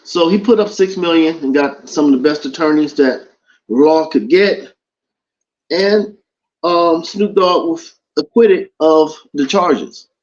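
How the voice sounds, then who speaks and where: A man co-hosting a podcast in casual chat, telling a story in a relaxed way with fillers. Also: a little high. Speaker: podcast co-host. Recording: dull lo-fi sound.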